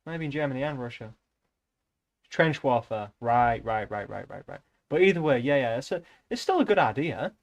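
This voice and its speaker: A man's voice: mid-range voice, expressive, normal speed, vocal fry, lo-fi sound. A young man streaming, chatting to viewers in a rambling, offhand way and swearing casually. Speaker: livestreamer.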